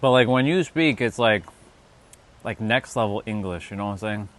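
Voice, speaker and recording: A man's voice: lowish voice, moderate pace, a bit bright. A man from North America, chatting casually with viewers on a livestream while making a hot drink. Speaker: livestream host.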